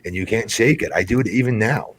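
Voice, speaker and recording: A man's voice: lowish voice, expressive, fast, slight background noise. A man talking as a guest on a podcast, a laid-back storyteller who draws out his phrases. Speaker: podcast guest, former wrestler. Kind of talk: casual podcast chat.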